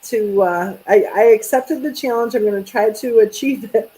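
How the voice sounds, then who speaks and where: A woman's voice: medium pitch, moderate pace, warm tone, rough recording. A woman hosting a casual chat, rambling and trailing off, sleepy. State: sleepy, yawning. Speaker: channel host.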